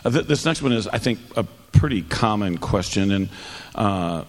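A man with a fairly low voice reads questions aloud to a pastor in a plain, steady way. The sound has a long hall reverb. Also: normal speed. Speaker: interviewer reading questions.

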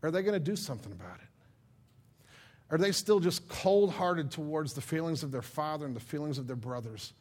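Guy preaching, tells the bible story all animated, slangy, voice kinda high. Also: brisk. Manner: animated storytelling, acts out characters' lines in casual slang. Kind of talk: sermon retelling a Bible story.

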